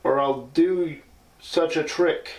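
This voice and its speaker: A man reading a storybook aloud and voicing a cranky eight-hundred-year-old male magician who hollers and croaks his demands, in a roomy space away from the microphone. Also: on the high side, slow pace, pitched above the performer's own voice. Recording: roomy sound from a distant mic.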